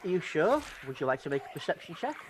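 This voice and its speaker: A man narrating a tabletop game as game master, describing scenes in a relaxed way. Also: fairly high pitch, fast talker.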